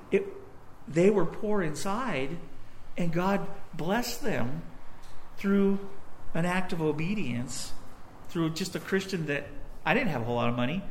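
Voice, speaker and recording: A man's voice: sits high, slight background noise. A young man preaching a sermon, telling a personal story in a conversational way with little asides. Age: young adult.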